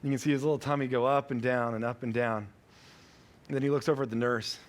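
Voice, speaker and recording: A man's voice: medium pitch, steady tone, fast. A man in his thirties preaching a sermon as pastor, telling a family story conversationally and correcting himself as he goes.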